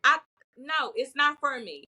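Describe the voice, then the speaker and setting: A woman's voice: high voice, animated, unhurried, pushed and bright. A woman speaking as a herbalist guest in a casual podcast chat, bold and emphatic, often repeating words to drive a point home.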